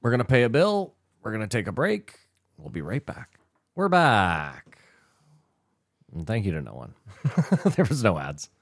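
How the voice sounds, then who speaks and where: A man co-hosting a podcast in casual chat, deadpan, with short remarks that trail off quietly. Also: on the low side, a little slow, long pauses, no echo, clean studio sound. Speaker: podcast co-host.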